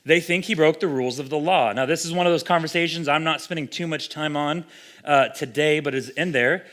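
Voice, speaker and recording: Brief: young male pastor, conversational sermon, lively delivery, voice a touch high. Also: brisk. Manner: conversational, animated, acts out quoted voices.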